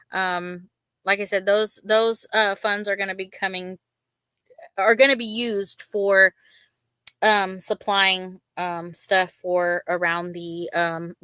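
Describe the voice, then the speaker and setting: A woman's medium-pitched voice, sharp yet clean in tone, comes through with no room sound. She hosts a casual livestream, rambling, saying um often, and speaking openly and emotionally about her feelings while keeping things chatty.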